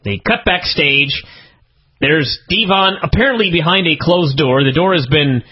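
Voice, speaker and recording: A man's voice: on the high side, unhurried, breathy edge. A man co-hosting a podcast, reviewing wrestling TV in a casual, exasperated, incredulous way and swinging his voice up for emphasis. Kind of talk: casual comedic review chat. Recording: dull lo-fi podcast audio.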